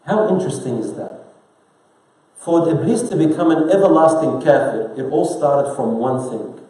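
A man's voice: on the high side, normal speed, dark tone. Male preacher in an echoey room. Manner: conversational preaching with rhetorical questions to the congregation; quotes scripture in Arabic then explains it in English. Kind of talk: sermon.

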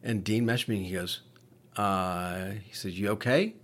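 A man's voice: sits low, fairly even intonation, moderate pace, a bit bright. A man, co-hosting a podcast, telling stories in casual chat with frequent swearing and restarts. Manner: profane storytelling with many restarts. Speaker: podcast co-host, paramedic.

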